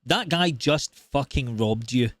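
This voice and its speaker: A man hosting a reaction video, talking in an animated, incredulous way and swearing freely. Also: medium pitch, slow. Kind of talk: casual reaction commentary.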